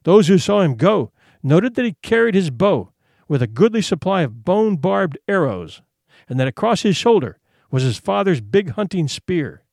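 Expressive male storybook narrator. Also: high-pitched, normal speed, creaky, no room sound, clean studio sound. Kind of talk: audiobook narration.

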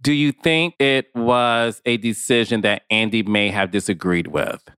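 A man's voice: lowish voice, a little slow, fairly bright tone, clean tone, no echo, clean studio sound. A man hosting a podcast interview, an insider who asks probing but sympathetic questions about a guest's career. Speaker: podcast host, former reality TV producer. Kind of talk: conversational interview.

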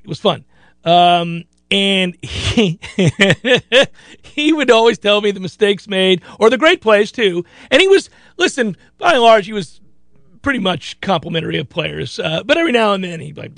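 A man hosting a sports radio show, telling a story with lots of laughter and loud acted-out quotes. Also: high-pitched, creaky, no echo. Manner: animated, laughs often, acts out quotes loudly.

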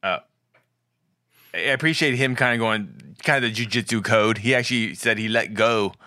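A man's voice: lowish voice, moderate pace, dry recording, clean studio sound. A young man co-hosting a casual sports podcast, telling stories with laughs. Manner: laughing, animated storytelling. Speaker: podcast co-host.

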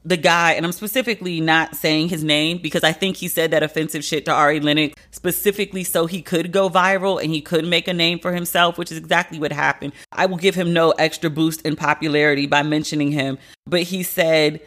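A woman hosting a podcast, talking casually and bluntly with profanity, her pitch leaping up for emphasis. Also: fairly even intonation, fairly quick, fairly bright tone. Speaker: podcast host.

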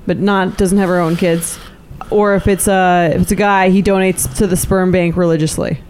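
A woman's voice: lowish voice, little pitch movement, darkish tone, slight background noise. A woman in casual chat, teasing and asking pointed questions. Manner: teasing, questioning, quick reactions.

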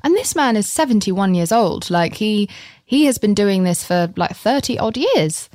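A woman with an English accent, a guest on a podcast telling lively stories and swearing casually. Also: medium pitch, moderate pace, dry recording, clean studio sound. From England. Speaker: actress guest. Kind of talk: casual interview chat.

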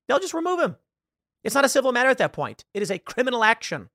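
A man's voice: very high-pitched, quick pace, no room sound, clean studio sound. A man hosting a podcast, giving an opinionated commentary monologue and acting out the people in his stories. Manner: animated storytelling, acts out quoted voices. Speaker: podcast host.

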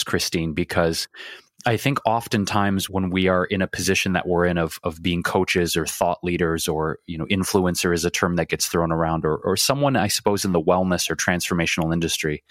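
A man's voice: deep voice, fairly bright tone, dry recording, clean studio sound. A man co-hosting a podcast who speaks in long, rambling, reflective and effusive stretches. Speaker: podcast co-host. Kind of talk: casual conversation.

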